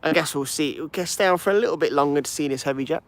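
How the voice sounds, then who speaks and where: A man's voice: a little high, rapid-fire. Easygoing Birmingham-accented man. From England. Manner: chatty and easygoing, reading and answering chat. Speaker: plane-spotting livestream host. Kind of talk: casual live commentary, chatting with viewers.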